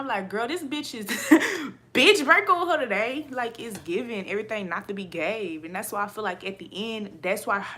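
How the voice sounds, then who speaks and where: A woman ranting to her viewers in a casual vlog, blunt and profane, animated and quick to laugh. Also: mid-range voice, slight background noise. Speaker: vlogger.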